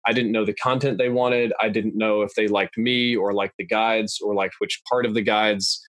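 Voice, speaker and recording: A low-voiced young man speaks in a measured, analytical way, laying out his points plainly. He is a podcast guest on a close mic in a dry room. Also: fairly even intonation, a bit bright, dry recording. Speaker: guest YouTuber. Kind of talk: casual podcast interview. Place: podcast studio.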